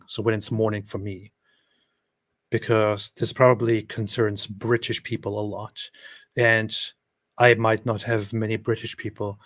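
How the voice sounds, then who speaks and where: A man's voice: on the low side, no echo. A man hosting a live stream, reading out chat messages and reacting to clips with sarcastic, chuckling commentary.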